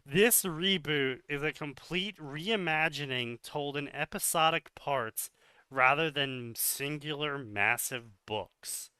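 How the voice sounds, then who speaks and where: A man's voice: a little high, takes it slowly, sharp tone, clean tone, no room sound. A man reading a text aloud for a comedy stream and mocking it with frequent swearing. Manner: swears often, mocking asides. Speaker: co-host reading fanfiction aloud. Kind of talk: sarcastic commentary on a read-aloud text.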